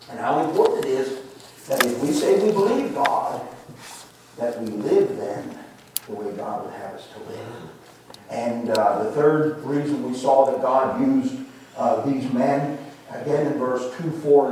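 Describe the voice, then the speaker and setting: An older man preaching a sermon, slow and emphatic, repeating phrases for emphasis, with the congregation answering now and then. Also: mid-range voice. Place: church sanctuary. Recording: echoey room, distant mic, faint noise.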